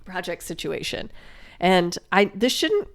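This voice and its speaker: A woman co-hosting a podcast, chatting casually and telling a lively anecdote, acting out the voices of the people in it. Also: on the low side, a little slow. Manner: animated storyteller acting out quoted voices. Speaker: podcast co-host. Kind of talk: casual chat, storytelling.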